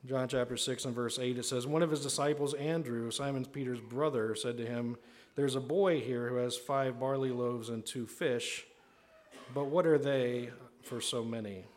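A man's voice: mid-range voice, steady tone, moderate pace. A man preaching a sermon in a conversational way, often asking "right?" and acting out the voices of people he quotes. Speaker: pastor.

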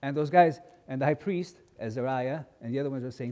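A man preaching a sermon, telling a Bible story and a childhood memory with lively acted-out voices. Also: mid-range voice, a little fast, few pauses, long reverb tail. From grew up as a missionary kid in a mission. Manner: animated storyteller, acting out voices in quotes.

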